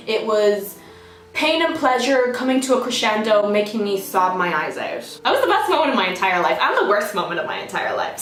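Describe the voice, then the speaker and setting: A woman's voice: medium pitch, fairly bright tone, slight background noise. Young woman, casual storytime vlog, swearing, self-mocking, squeals, echoey room, mic a bit far. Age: 20s. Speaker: vlogger.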